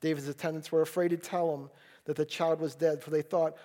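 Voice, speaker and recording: A man's voice: a little high, steady tone, normal speed, mellow. A man preaching a sermon at a church service, earnest and pleading, often repeating words as he restarts a thought. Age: adult, a parent. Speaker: pastor.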